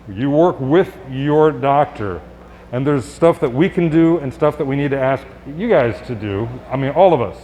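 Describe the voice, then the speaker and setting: A male doctor giving a live presentation to an audience, speaking conversationally with quick asides and rhetorical questions. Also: on the high side, darkish tone. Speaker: physician giving a health talk. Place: public event space.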